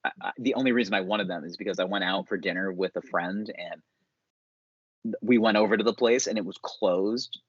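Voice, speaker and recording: A man's voice: sits low, fairly quick, slightly rough, no echo. A young man co-hosting a podcast in loose casual chat, rambling, swearing and laughing often. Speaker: podcast co-host. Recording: dull, dry, lo-fi podcast mic.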